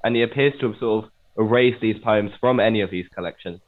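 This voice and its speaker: A man from England co-hosting a casual talk about poetry. He speaks in a measured, hedging way and thinks aloud as he explains. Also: on the low side. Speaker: podcast co-host. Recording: tinny phone-like line.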